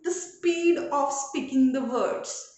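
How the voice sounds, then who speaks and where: Slow, high-voiced Indian woman teaching English. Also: darkish tone, very echoey. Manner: explains slowly with repeated examples. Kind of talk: classroom lecture.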